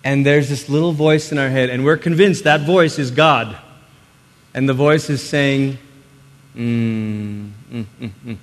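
A man preaches in an easy, conversational way, slipping into quick acted-out inner voices as he teaches. His voice sits a little high for a man. The sound carries a long reverb from a large hall. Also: fairly even intonation. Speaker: pastor. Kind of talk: sermon.

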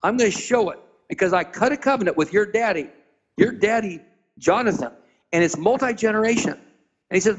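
A man preaching as a guest, retelling a Bible story dramatically and acting out the characters with sudden high-pitched voices. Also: breathy edge, low-quality recording. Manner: spells out and stresses Hebrew words slowly. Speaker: pastor being interviewed.

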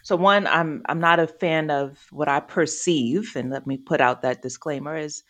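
A woman's voice: sits low, moderate pace. A woman with a New York accent chatting casually with her sisters, acting out quoted voices. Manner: animated, acts out quoted voices. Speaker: podcast co-host. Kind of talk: casual chat among sisters.

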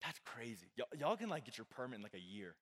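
A young man serving as youth pastor talks fast in a medium-pitched, slightly bright voice with a breathy edge and big pitch swings. His casual sermon is chatty and full of fillers and crowd jokes, set in a church hall with a live audience and long reverb.

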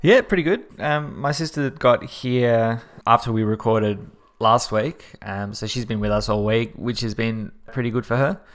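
A man co-hosting a podcast, chatting casually and telling stories in a relaxed way. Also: medium pitch, moderate pace, few pauses. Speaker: podcast co-host. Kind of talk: casual chat.

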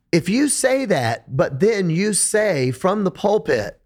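A man speaking as a podcast guest in a conversational interview, an animated storyteller who repeats words when he gets going. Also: on the high side. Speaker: podcast guest, rock singer.

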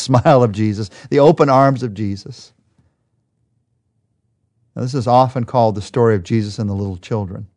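A man's voice: medium pitch, mellow. A man teaching a daily Bible study, retelling the passage in an earnest, vivid storytelling way with small restarts.

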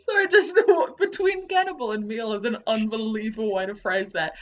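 A woman co-hosting a comedy podcast, giggly and quick to laugh as she chats and improvises. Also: fairly high pitch. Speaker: podcast co-host. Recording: dull lo-fi recording.

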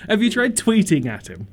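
A man co-hosting a student radio show in casual chat, laid-back and teasing, laughing often. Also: sits high.

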